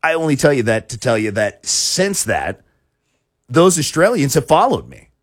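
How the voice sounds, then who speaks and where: Husky, lively-voiced male talk show host. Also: medium pitch, normal speed, dry recording, clean studio sound. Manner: rambling, with many restarts and chuckles. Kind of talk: casual talk show chat.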